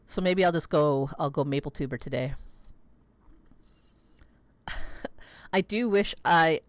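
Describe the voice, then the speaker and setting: A woman's voice: deep voice, takes it slowly, no room sound. A woman streaming a game, chatting casually and rambling with lots of fillers and laughter. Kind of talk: casual gaming livestream chat. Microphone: close desk mic.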